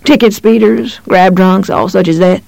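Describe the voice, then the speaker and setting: A reader voicing an elderly white-haired country veterinarian who speaks in a calm, serene rural drawl in an audiobook. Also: mid-range voice, normal speed, creaky, dry recording, rough recording. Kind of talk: audiobook character voice.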